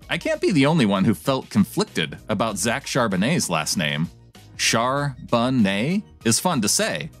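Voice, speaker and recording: A man's voice: medium pitch, fairly bright tone. A man co-hosting a podcast, reading a listener's email with playful, theatrical delivery, then chatting casually. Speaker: podcast co-host.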